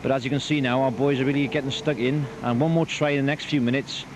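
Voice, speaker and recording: A man's voice: mid-range voice, fairly even intonation, fast. A man, a team coach, answering touchline interview questions outdoors, confident and upbeat. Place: outdoors at a rugby ground. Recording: noisy outdoor amateur recording.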